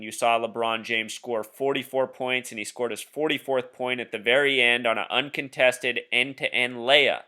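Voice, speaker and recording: Guy walking you through his screen, insistent and conspiratorial, bright edgy voice. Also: medium pitch, clean tone. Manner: addresses viewer as "Truth Seeker". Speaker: video blogger. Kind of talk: casual screen-share commentary.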